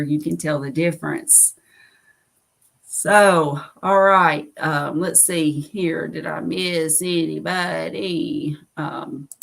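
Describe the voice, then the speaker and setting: A middle-aged woman with a Southern accent hosting a live stream, telling stories in a rambling, self-amused way. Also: on the low side. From United States. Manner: rambling, many fillers, laughs at herself. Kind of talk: casual chat on a live stream.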